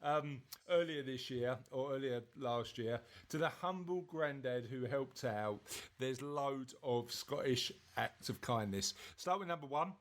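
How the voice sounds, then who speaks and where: A man's voice: medium pitch, measured pace. A man from southeast England co-hosting a podcast, chatting casually and reading news aloud in a jokey way that stumbles over words. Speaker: podcast co-host.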